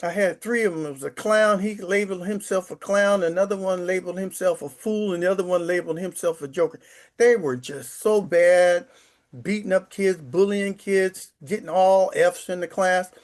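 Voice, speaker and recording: A retired sixth grade teacher in his sixties tells stories to the camera from his apartment. His voice sits high with a steady tone at a moderate pace, and his rambling, emotional telling is full of stammers and restarts.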